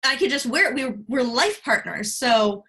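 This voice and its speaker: A woman's voice: high voice, animated, normal speed, pushed and bright, a little hiss or hum. A young woman in an improvised comedy scene, playing a granddaughter and talking with hesitant, stammering restarts. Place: home video call.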